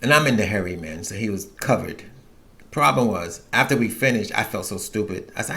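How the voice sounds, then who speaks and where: A man's voice: medium pitch, big pitch swings, normal speed, pushed and bright. A middle-aged man hosting his own show, telling a frank personal story in a rambling way, full of restarts and quoted asides. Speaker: podcast host.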